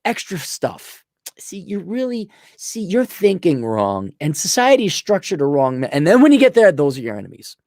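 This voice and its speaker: A middle-aged man holds forth in a loose, sarcastic monologue, often sliding into mocking voices. His pitch leaps and dips all over. The sound is dry and close, with no room around it. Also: very animated, normal speed, a little mellow, dry recording. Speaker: podcast host. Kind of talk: casual opinion monologue.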